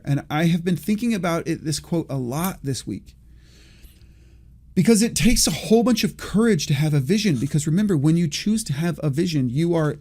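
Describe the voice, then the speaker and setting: Male podcast host, 40s, slightly high, mellow voice, rambling reflective delivery. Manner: rambling, self-correcting, thinking aloud. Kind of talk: reflective solo podcast talk.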